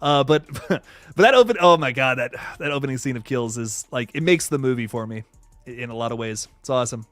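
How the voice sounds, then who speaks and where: A man's voice: mid-range voice, animated, a little fast, fairly bright tone, dry recording, soft background music. A man hosting a livestream, reading chat comments aloud and rambling casually with lots of laughs. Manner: rambling, laughs a lot, frequent restarts. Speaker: YouTube host reading live chat.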